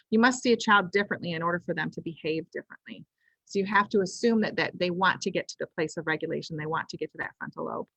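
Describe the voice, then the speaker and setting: A woman's voice: on the low side, a bit bright, no room sound, poor audio. Woman giving a casual training webinar. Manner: explanatory, repeats and restarts phrases, frequent ums. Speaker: webinar presenter on child discipline.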